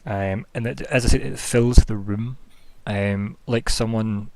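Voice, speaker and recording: This is a man running a tabletop session, describing scenes in a low voice. He talks in a loose, rambling way, stacking "like" and "um" as he builds each image. The sound is dry and close. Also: steady tone, unhurried, dry recording. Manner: rambling descriptive narration with many fillers. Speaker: game master. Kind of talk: narrating a tabletop game.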